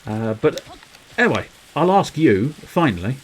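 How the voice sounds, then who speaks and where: A man's voice: medium pitch, sing-song, normal speed, slight background noise, rough recording. A man streaming a game, rambling playfully to his viewers with cheeky innuendo. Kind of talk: casual livestream commentary.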